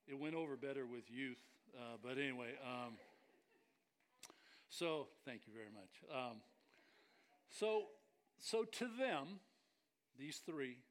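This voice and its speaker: A man preaching a sermon as pastor, animated and joking with the congregation. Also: a little high.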